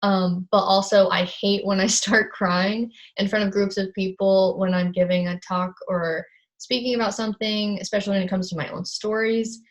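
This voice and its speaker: Young woman, mid-pitched voice, chatty and earnest, self-correcting, video call. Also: little pitch movement, moderate pace. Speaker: co-host of a book discussion. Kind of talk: casual chat.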